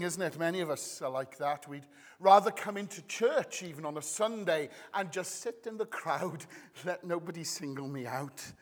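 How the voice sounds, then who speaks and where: Lively high-voiced male preacher in a hall. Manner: expressive, conversational preaching to a congregation. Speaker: pastor. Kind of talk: sermon. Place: church.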